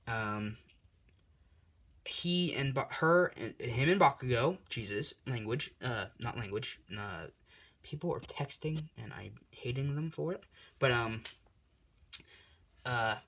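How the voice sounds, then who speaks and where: A man's voice: mid-range voice, expressive, takes it slowly, pauses often, fairly bright tone. A man hosting his channel, improvising a fan story in a rambling, self-deprecating way with lots of fillers.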